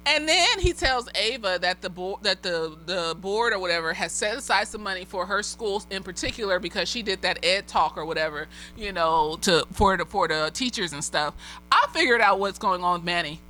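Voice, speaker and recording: A woman's voice: medium pitch, lively intonation, moderate pace, sharp tone, poor audio. A slightly tipsy woman recapping a TV episode in a rambling, casual way, swearing freely and laughing often. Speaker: TV episode reviewer.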